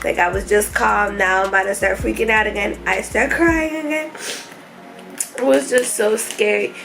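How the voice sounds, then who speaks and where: A young woman telling her hospital story to camera in a casual vlog, emotional and rushed, with many fillers. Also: mid-range voice, gravelly, fairly bright tone, soft background music, rough recording. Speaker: vlogger. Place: hospital room.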